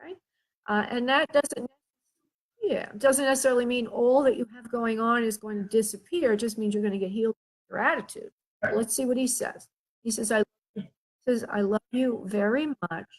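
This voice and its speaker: A woman hosting a show as a spirit medium, giving a live reading in a gentle, soothing way and often checking that the caller understands. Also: fairly high pitch, fairly even intonation, fairly quick, long pauses. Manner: hesitant, with frequent filler sounds and restarts.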